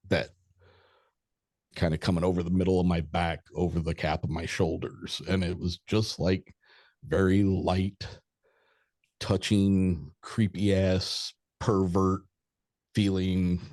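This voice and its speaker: A man's voice: sits low, a little mellow, dry recording, studio quality. A middle-aged man, a podcast guest, telling a long story in a rambling, hesitant way with some swearing. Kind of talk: casual storytelling.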